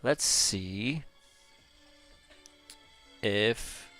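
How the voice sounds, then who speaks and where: A man's voice: on the low side, very slow, sharp tone, faint music behind. A male gaming streamer giving live gameplay commentary in a chatty way, reading chat messages aloud and laughing often.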